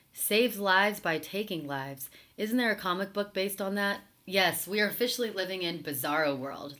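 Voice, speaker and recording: A woman hosts a live stream in a casual, chatty voice that sits a little low. She reads viewer comments aloud and answers them with sarcastic asides. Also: a bit bright. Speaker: talk show host reading live chat.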